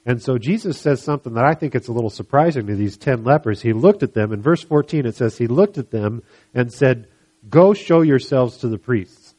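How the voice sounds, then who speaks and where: Man, preacher, sermon, animated storytelling, mid pitch, acts out characters. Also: a little fast, husky. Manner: animated storytelling, acting out voices of the people he describes. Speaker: pastor.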